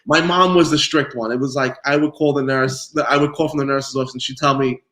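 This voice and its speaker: A man from New York, a guest pizzaiolo, telling stories in a relaxed interview and laughing often. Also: mid-range voice, brisk. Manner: animated storyteller, laughs often. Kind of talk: casual interview chat.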